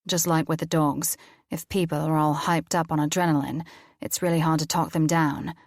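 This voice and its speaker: Brief: a woman doing a reserved young male angel, low and curt, gravelly edge. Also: little pitch movement, moderate pace, a little mellow, no room sound, clean studio sound. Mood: matter-of-fact.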